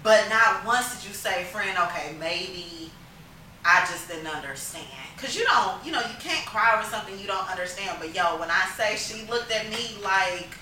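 Bright-voiced young woman, echoey room. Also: medium pitch, fairly quick, few pauses, a little hiss or hum. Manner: emphatic, expressive, slangy. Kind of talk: casual storytelling chat. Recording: echoey room, mic at a distance.

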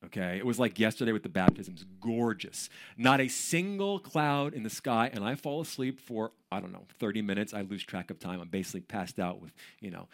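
A man preaching a sermon in a church auditorium, talking in a conversational, joking way and telling stories with energy. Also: fairly low pitch. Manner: conversational and joking, with animated storytelling. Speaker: pastor.

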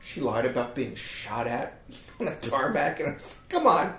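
A man's voice: medium pitch, lively intonation, unhurried, creaky, fairly bright tone. A man joking in sarcastic, mock-conspiratorial banter, often swearing as he co-hosts a comedy podcast. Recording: roomy echo.

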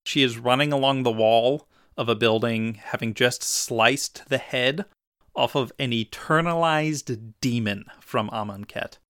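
A male podcast co-host talks eagerly in casual chat, with a bright, crisp voice. The sound is dry and close to the mic. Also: medium pitch, measured pace, dry recording. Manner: enthusiastic, descriptive, with fillers.

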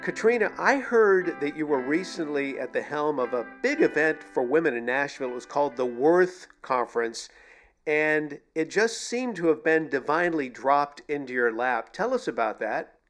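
Man, talk show host, earnest preacherly tone, slightly high voice, soft guitar behind. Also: expressive, moderate pace. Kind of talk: Christian talk show hosting.

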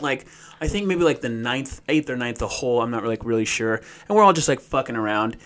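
A man in his thirties telling a rambling story in casual chat, laughing often and swearing freely. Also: mid-range voice.

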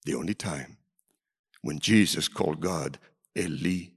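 A man preaching a sermon in a large hall, dramatic, swinging from loud calls down to near whispers. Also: a bass voice, a little slow, husky. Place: large hall with a seated audience. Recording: reverberant hall.

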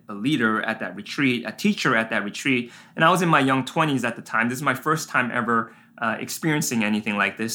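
A man, a pastor, preaching a sermon and telling a personal story in an animated way, full of fillers and asides. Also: medium pitch.

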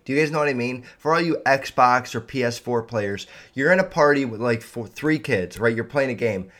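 Rambling, cussing young podcast host. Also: male voice, medium pitch, a bit bright. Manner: rambling, heavy profanity, lots of fillers. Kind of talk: casual solo podcast rant.

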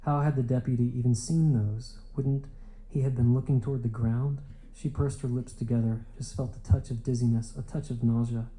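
A man reading a literary novel aloud in a measured, unhurried way. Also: mid-range voice, steady tone, warm tone, poor audio. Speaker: audiobook narrator. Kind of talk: literary audiobook narration.

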